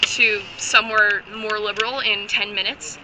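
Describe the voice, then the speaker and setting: A woman voicing a lonely, depressed little male frog, whiny and exasperated in her own bright voice. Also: medium pitch, fairly even intonation, normal speed, heavy background noise, lightly acted.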